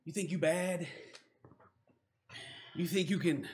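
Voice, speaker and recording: A man's voice: fairly high pitch, steady tone, slow, a little hiss or hum, pitched above the performer's own voice. A man voicing a drunk, boastful male dwarf brawler who trash-talks in crude slang. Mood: swaggering. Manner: loud swaggering trash talk, crude slang.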